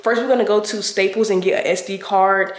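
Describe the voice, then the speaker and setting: A woman's voice: mid-range voice, steady tone, brisk. Stuffy-voiced chatty woman vlogger. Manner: chatty, upbeat, talks straight to viewers. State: stuffy-nosed from a cold. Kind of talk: casual vlog chat to camera. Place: indoors in a room at home. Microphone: compact camera mic.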